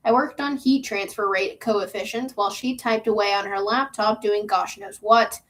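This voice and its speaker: A woman's voice: medium pitch, steady tone, moderate pace, fairly bright tone. A woman reading a science fiction novel aloud on her channel, casual and chatty between passages. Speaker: booktube reader.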